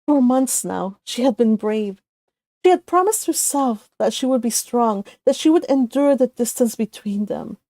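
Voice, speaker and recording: Woman storyteller, mellow, emotive reading, dry close sound. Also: a little high, expressive, a little slow, no room sound. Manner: soft, emotive, with occasional self-corrections. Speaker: fanfic author and reader. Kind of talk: storytelling narration.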